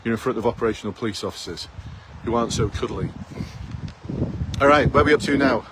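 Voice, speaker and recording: Speaking fast and straight to the camera, a blunt man in his fifties challenges would-be police recruits with a barrage of rhetorical questions. His pitch is an ordinary middle register. Outdoors, faint town noise and passing traffic hum in the background.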